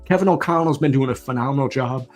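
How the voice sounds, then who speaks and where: Male sports vlogger, emphatic ranting delivery, mid-pitched, faint music underneath. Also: fast. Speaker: football channel host. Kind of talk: sports commentary vlog rant.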